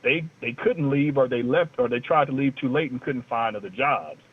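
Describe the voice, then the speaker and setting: A co-host on a laid-back talk-radio show, this man has a medium-pitched, slightly rough voice and keeps a moderate pace. He jokes around and rambles loosely, heard through a tinny phone line.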